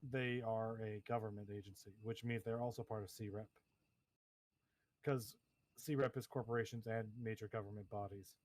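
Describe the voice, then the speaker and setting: A man narrating and explaining rules as game master of a tabletop role-playing game, in a lively manner. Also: lowish voice, normal speed.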